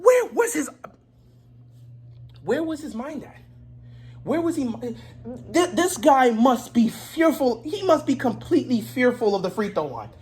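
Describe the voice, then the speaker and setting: A woman delivering a heated sports rant, exasperated and repeatedly shouting in disbelief. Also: high voice, breathy edge. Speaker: sports commentator.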